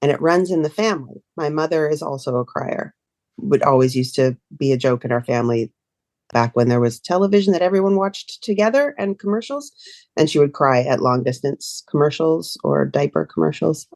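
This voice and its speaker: A woman guest, a writer and performer, telling animated stories in casual conversation and laughing often. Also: low voice, fairly quick, no echo.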